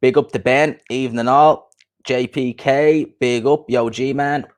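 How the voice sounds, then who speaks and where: A young man hosting a casual boxing livestream, chatting loosely and giving repeated shout-outs to viewers. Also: medium pitch, fairly even intonation, a little slow. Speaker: boxing podcast host.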